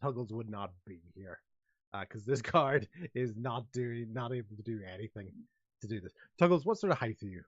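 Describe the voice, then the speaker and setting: A man's voice: medium pitch, lively intonation, normal speed, dry recording, highs cut off. A man narrating as game master of a tabletop game, talking hesitantly with lots of fillers.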